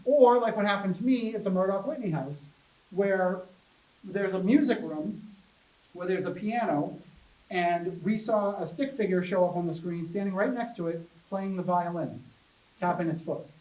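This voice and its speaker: A man giving a casual public talk about ghost hunting as a chatty, animated storyteller who jokes with his audience. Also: high-pitched, moderate pace. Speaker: paranormal investigator giving a talk. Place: public library meeting room. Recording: echoey room, voice from a distance.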